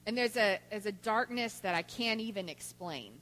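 A woman giving a Mother's Day talk in church, telling stories with lively voiced quotes. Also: medium pitch, moderate pace. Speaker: church speaker. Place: church sanctuary. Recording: long church hall reverb.

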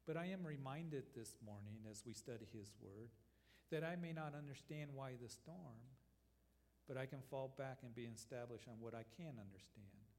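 Man preaching in a reverberant hall. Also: mid-range voice. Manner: earnest expository preaching with lively quoted asides. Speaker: pastor. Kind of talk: sermon. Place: church sanctuary.

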